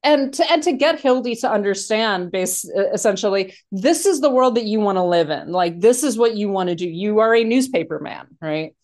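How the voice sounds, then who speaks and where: Woman, casual film chat, animated, restarts often, medium pitch. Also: moderate pace, hardly any pauses. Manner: animated, many restarts and fillers.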